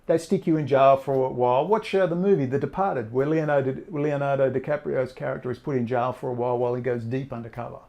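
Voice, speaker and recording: A man's voice: medium pitch, steady tone, fast talker, creaky, hardly any pauses, dull audio. A man giving a ranting, emphatic monologue as an online commentator, often repeating phrases for emphasis. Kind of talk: direct-to-camera monologue.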